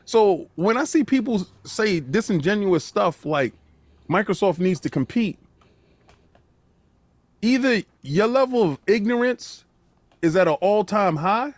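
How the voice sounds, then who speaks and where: A man's voice: high voice, unhurried, pauses often, no echo. A man hosting a podcast, ranting emphatically with many restarts in a casual conversation. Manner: emphatic, animated, repeats words when starting a sentence. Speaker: podcast host.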